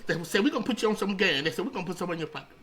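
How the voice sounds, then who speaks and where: A man's voice: high voice, racing, low-quality recording. A middle-aged man telling stories in a casual interview, rambling and repeating himself as he goes. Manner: rambling, repeats words and restarts, animated storyteller. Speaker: interview guest, radio founder.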